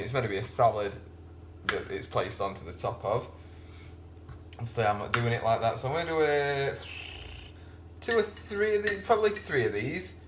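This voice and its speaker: A home cooking vlogger chats while cooking in his home kitchen, rambling and making self-deprecating jokes in casual commentary. His voice is mid-range, with a little hiss or hum in the recording.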